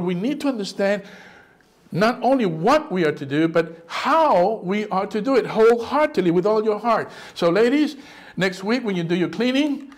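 A man with a high voice preaches a sermon from the pulpit. He is animated, sliding into quoted voices and exclaiming as he makes his points. He sounds middle-aged. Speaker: pastor.

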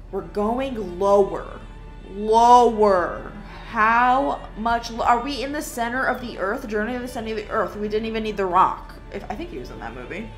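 A woman's voice: medium pitch, fairly bright tone. Sex: woman. Style: chatty let's-play commentary. Behind: faint game music. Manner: chatty, talks to herself, frequent exclamations. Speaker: gaming video host.

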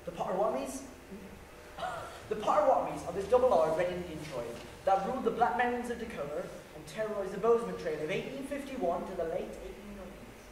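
A man's voice: sits high, lively intonation, quick pace, a little mellow, slight background noise. A young man playing a cheeky village lad in a student stage play, chatty and laughing, with a put-on West Country accent. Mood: earnest. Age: young adult. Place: college theatre stage. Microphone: far camera. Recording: echoey hall from far off.

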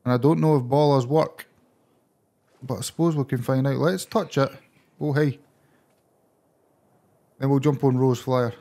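Excitable gravelly Scottish gamer. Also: male voice, medium pitch, a little slow, pauses often. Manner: excitable, bursts of surprised exclamations. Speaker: gaming channel host. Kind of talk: let's play gameplay commentary.

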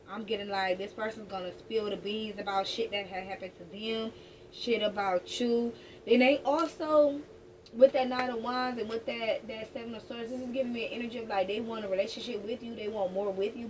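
A woman giving a casual tarot reading in a blunt, profane, joking way. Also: medium pitch. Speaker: tarot reader. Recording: distant mic with background noise.

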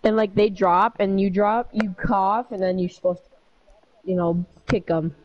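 A woman's voice: mid-range voice, steady tone, moderate pace. A woman playing a video game with a friend, chatting casually and telling rambling stories full of fillers. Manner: rambling storyteller, filler-heavy. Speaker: co-player. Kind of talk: casual gaming chat. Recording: dull lo-fi mic with faint noise.

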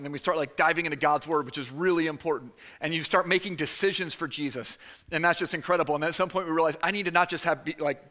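A man preaching a conversational sermon to his church, with quick asides to the room. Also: fairly high pitch, sharp tone. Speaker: pastor. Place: church sanctuary.

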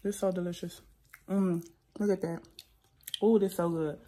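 A woman's voice: on the low side, fairly even intonation, moderate pace, dark tone. A young woman and mother in a casual vlog chat, talking to her viewers in a chatty way and often calling them y'all. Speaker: vlogger and mother.

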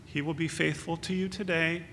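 A man's voice: fairly high pitch, steady tone, normal speed, a bit bright. A man giving an earnest, consoling memorial sermon as pastor, quoting scripture. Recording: echoey hall with faint hum.

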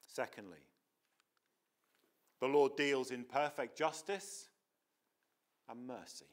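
A man's voice: medium pitch, slow pace. A man preaching a sermon in a church, earnest and emphatic, often restarting his words.

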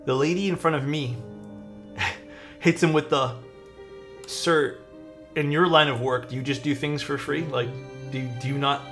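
A young man streaming, telling his viewers a story in a loose, casual way. He slips into the voices of the people he quotes. Faint music plays softly behind him. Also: a little high, a little slow, long pauses. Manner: animated, acts out quoted people.

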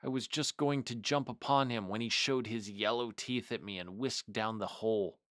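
A man reading aloud and voicing an anxious mother cat, speaking softly and fretfully as if near tears. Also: lowish voice, fairly even intonation, moderate pace, no echo, studio quality, close to an everyday voice. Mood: tearful. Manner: soft, fretful, tearful.

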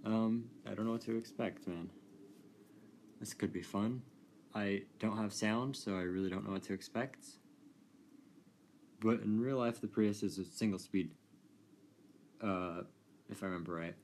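A man giving casual, amused commentary while playing a racing game, chatty and quick to laugh. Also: lowish voice, darkish tone, a little hiss or hum. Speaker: gaming video creator.

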